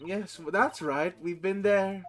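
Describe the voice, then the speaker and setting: A man's voice: sits high, fairly even intonation, a little slow, fairly bright tone, faint music behind. A man reading as a prison governor. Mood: gruff. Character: older male prison governor, gruff and friendly.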